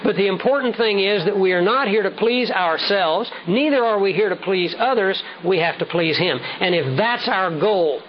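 A man preaching a sermon with measured, emphatic delivery, slowing down to stress key words. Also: high-pitched. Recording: dull lo-fi sound with faint noise.

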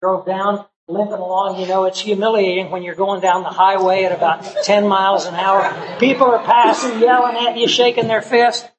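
A man's voice: high-pitched, level tone, normal speed, crowd noise, low-quality recording. Folksy middle-aged man preaching a story. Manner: folksy anecdotal storytelling with acted quotes. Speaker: pastor. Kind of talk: sermon storytelling.

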